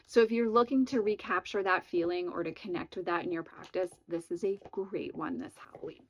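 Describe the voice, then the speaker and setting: A woman's voice: on the low side, steady tone, fairly quick, low-quality recording. A woman hosting a casual vlog, gushing with enthusiasm as she shows off tarot decks and candles, stretching out words for emphasis. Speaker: tarot reader and channel host. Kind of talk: casual show-and-tell vlog.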